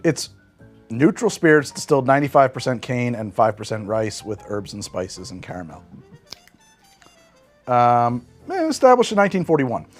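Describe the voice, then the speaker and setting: A male streamer chats casually and rambles through his thoughts, dropping curses along the way. His pitch is lively and animated. Faint music plays underneath. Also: normal speed. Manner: rambling, profane, thinking aloud. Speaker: live streamer. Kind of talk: casual livestream chat.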